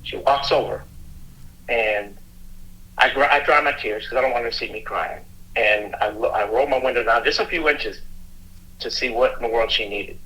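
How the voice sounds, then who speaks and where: A middle-aged man, a police officer, telling a personal story in a halting, earnest way, often restarting his sentences. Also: medium pitch, sharp tone, low-quality recording. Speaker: police officer and youth mentor, guest.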